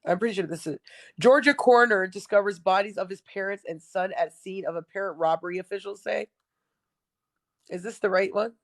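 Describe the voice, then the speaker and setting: A woman's voice: mid-range voice, fairly quick. A young woman hosting her own show, reading news headlines aloud and reacting with blunt, sarcastic remarks and frequent laughs. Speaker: show host.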